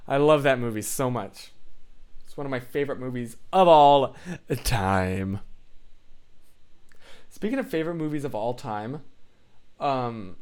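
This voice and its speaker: A young man with a clean, mid-range voice hosts a relaxed livestream, chatting and reacting to viewer comments. He rambles, going off on tangents and using lots of fillers.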